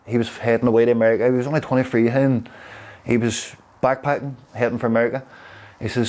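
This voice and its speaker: A man from Derry with a Derry accent, telling stories in a rambling, halting way. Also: medium pitch, level tone, darkish tone. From Derry, Northern Ireland. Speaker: interviewee. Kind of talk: casual storytelling.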